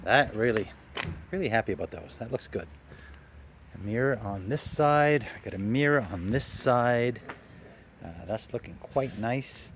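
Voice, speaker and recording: A man's voice: mid-range voice, expressive, a little slow. Man, casual garage vlog, rambling with fillers, dry sarcasm, faint workshop noise behind. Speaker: classic car restorer.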